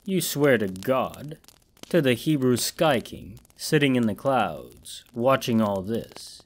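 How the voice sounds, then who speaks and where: A man voicing a cruel, suave villain with an English accent and a rich, low, dark-edged voice. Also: expressive, slow pace, a little hiss or hum. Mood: menacing, mocking.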